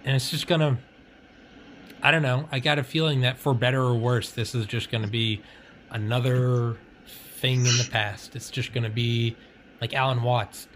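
A man's voice: mid-range voice, fairly even intonation, normal speed, fairly bright tone, slight background noise. A young man hosting a podcast in casual chat, rambling and swearing, laughing often. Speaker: podcast host.

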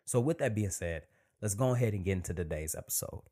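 A man hosting his own podcast, talking in a relaxed, conversational way and sometimes dropping to a near-whisper for emphasis. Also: deep voice, fast. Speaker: podcast host. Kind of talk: casual solo podcast monologue.

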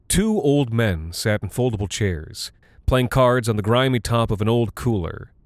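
A man narrating a scripted horror story in the first person, with a dry, deadpan delivery. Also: fairly low pitch, no room sound.

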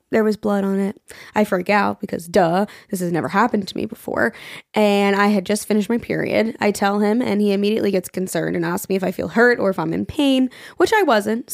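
A woman co-hosting a podcast who is losing her voice and sounds raspy, chatting casually, laughing often and reading out listener letters. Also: mid-range voice, no echo, studio quality. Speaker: podcast co-host.

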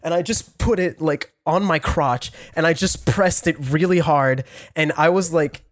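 A young man with a French Canadian accent telling a story in casual chat, rambling and laughing with many halting restarts. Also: a little high, no room sound, studio quality. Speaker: podcast co-host.

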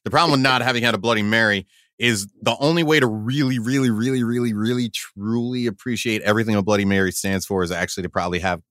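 This podcast co-host chats casually, explaining things at length and restarting his sentences often. He talks fast in a fairly low, steady voice with a slightly bright edge, recorded in a clean studio with no room sound.

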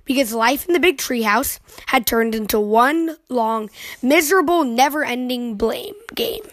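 A woman reading a children's picture book aloud in an expressive, lively way. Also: on the high side, measured pace, no room sound. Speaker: children's storyteller.

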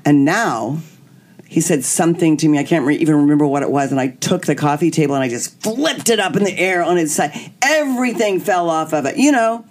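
Animated woman telling a candid story. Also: low voice, a little fast. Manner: animated, acts out quotes. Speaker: guest.

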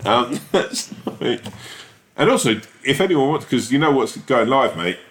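A man's voice: mid-range voice, big pitch swings, normal speed. A young man co-hosting a podcast in casual chat, teasing and laughing often. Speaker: podcast co-host.

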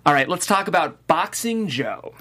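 A man's voice: on the high side, normal speed, husky. Chatty male co-host. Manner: excitable, reads out chat names. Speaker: podcast co-host. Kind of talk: casual chat.

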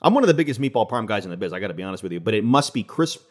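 A man's voice: lowish voice, big pitch swings, very fast. Male co-host, playful braggart in loose podcast chat. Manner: playful, boastful banter. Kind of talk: casual chat.

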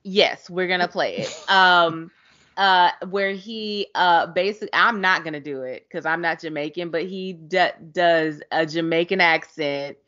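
A woman co-hosting a podcast in casual chat, excitable and slangy, laughing often. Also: on the low side, unhurried. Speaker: podcast co-host. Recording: dull lo-fi sound.

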